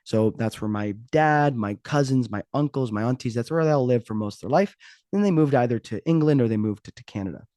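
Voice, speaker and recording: A man hosts his podcast in a loose, unscripted monologue, joking at his own expense and rambling from one thought to the next. His voice sits at an ordinary middle pitch, and the sound is dry with no room echo. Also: animated, a little fast, dark tone. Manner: joking, rambling, self-mocking. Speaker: podcast host. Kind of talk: casual podcast intro monologue.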